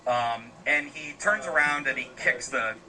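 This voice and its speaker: Rambling man telling a dark tale. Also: medium pitch, measured pace, a little hiss or hum, poor audio. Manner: loose, rambling, frequent fillers. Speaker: podcast host telling a story. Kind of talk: casual spoken storytelling.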